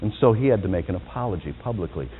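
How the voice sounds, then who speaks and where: A male pastor gives a dynamic, very fast sermon with very lively pitch, dropping to quiet, low asides before climbing to loud, high-pitched exhortations. The audio sounds tinny and phone-like, with a long hall reverb and slight background noise.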